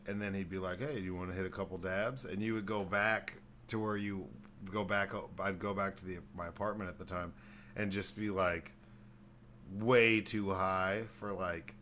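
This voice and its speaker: A man's voice: deep voice, a bit bright. A young man hosts a loose podcast chat. He rambles through profane stories and slips into voices for the people in them. A faint hiss of noise sits under the recording. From Texas. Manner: rambling storyteller who acts out voices, swears freely. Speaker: podcast host. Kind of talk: casual chat.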